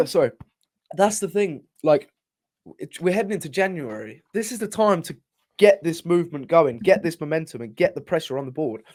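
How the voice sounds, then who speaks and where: A man co-hosting a football podcast, talking in an excitable, sweary, rambling way with many restarts. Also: fairly high pitch, moderate pace. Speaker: podcast co-host. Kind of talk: casual football chat.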